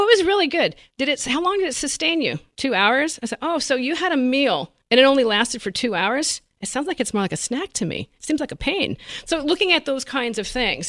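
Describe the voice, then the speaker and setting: Lively laughing woman dietitian. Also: a little high, brisk, few pauses, no echo, studio quality. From United States. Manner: animated, laughs often, acts out patients' voices. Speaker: dietitian guest. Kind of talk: podcast interview.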